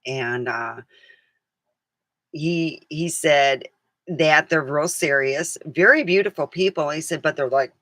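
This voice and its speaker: A woman's voice: low voice, slow pace, fairly bright tone, no echo. A middle-aged woman vlogging in a casual, rambling chat, who laughs often and acts out the things people said.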